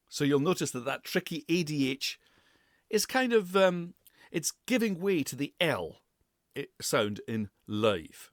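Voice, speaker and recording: A man giving a pronunciation lesson as a speech coach, deliberately repeating and exaggerating sounds for the listener. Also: mid-range voice, sing-song, fairly bright tone, dry recording, clean studio sound.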